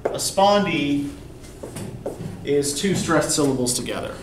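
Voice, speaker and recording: A man's voice: on the high side, lively intonation, unhurried. A male college English instructor giving a classroom lecture, explaining step by step and checking in with "right?". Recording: echoey classroom from far off, faint noise.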